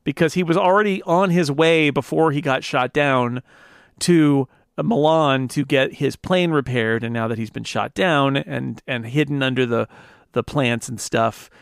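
A man's voice: medium pitch, measured pace, vocal fry, smooth, no echo. A man co-hosting a podcast, chatting casually about a film in a rambling, wry, self-correcting way on a close mic. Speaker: podcast co-host.

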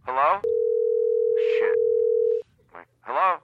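A man's voice: medium pitch, big pitch swings, slow. A man doing a flustered, defensive bit as himself answering a call through a telephone voice effect. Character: the host himself on a phone line. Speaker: podcast host. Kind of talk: comedy phone bit. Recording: muffled phone line, loud hiss.

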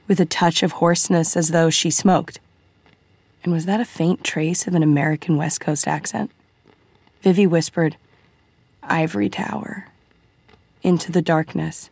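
A woman narrating an audiobook in a measured, quietly suspenseful way. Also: low-pitched, no room sound.

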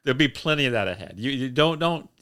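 A man co-hosting a casual movie commentary podcast, joking playfully and acting out scenes in a deadpan way. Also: mid-range voice, quick pace, dry recording, clean studio sound. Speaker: podcast co-host.

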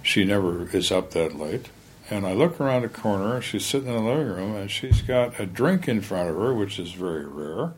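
An older man, a retired police lieutenant, telling his stories in conversation in a blunt, plainspoken way with halting restarts. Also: lowish voice, lively intonation, husky. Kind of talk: storytelling in a conversation.

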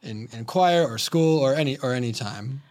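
A man co-hosting an improv comedy podcast, talking in a playful, quick, jokey way. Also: mid-range voice, darkish tone. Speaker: podcast co-host.

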